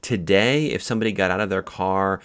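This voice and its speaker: A man's voice: sits low, brisk, a bit bright. A man teaching a lecture on case law, explaining with frequent fillers and restarts. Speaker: legal instructor.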